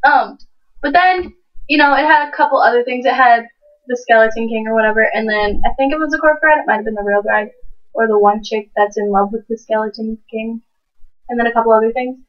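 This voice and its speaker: A high-pitched teenage girl chats casually and tells a story, swearing freely and voicing the people in it. She sits some way from the microphone. The recording sounds dull and lo-fi. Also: fast talker. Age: teens. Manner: swears freely, animated retelling with voiced quotes. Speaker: co-host. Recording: distant, dull lo-fi home mic.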